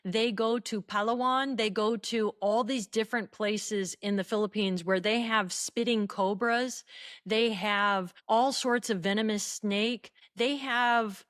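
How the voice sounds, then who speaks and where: A woman's voice: mid-range voice, fairly even intonation, fairly bright tone, no room sound, studio quality. Chatty woman hosting a podcast. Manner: chatty, storytelling, quick to laugh. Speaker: podcast host. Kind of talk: casual conversational interview.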